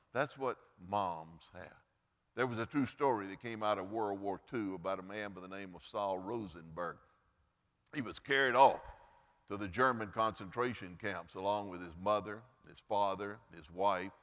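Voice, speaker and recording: In a church sanctuary, a pastor preaches an earnest Mother's Day sermon, raising and lowering his pitch and volume for emphasis before moving into prayer. He speaks at normal speed in a slightly bright voice, and the large hall is audible.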